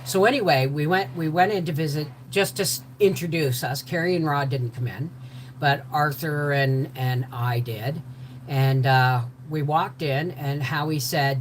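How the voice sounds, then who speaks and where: An older woman telling a personal story in an animated way, acting out the voices of the people in it. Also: low-pitched, unhurried, slight background noise, low-quality recording. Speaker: host.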